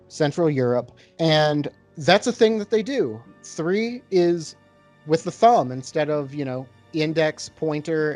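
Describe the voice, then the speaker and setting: A man hosting a relaxed podcast with a voice pitched a little above average. He rambles in an easy, unhurried way, leaning on "like" and "you know" as he talks. His delivery is loose and conversational. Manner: relaxed, rambling, heavy with fillers. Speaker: podcast host, beer taster. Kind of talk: casual chat.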